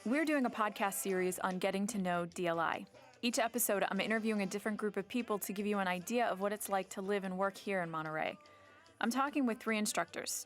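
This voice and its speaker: Woman hosting a studio podcast, friendly and into it. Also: medium pitch. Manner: friendly, engaged questions. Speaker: podcast host. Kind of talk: interview hosting.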